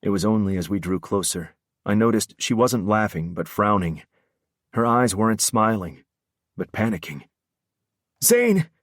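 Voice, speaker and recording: A man's voice: lowish voice, moderate pace, fairly bright tone, dry recording, studio quality. A man narrating a first-person audiobook with an intense, brooding delivery.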